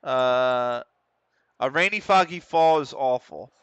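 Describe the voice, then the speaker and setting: A man's voice: medium pitch, slow pace, fairly bright tone, smooth, dry recording, muffled recording. An almost middle-aged American man streaming a football management game, chatting casually with viewers and swearing often. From United States. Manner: swears often, frustrated at the match, reads chat. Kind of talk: casual gaming stream chat.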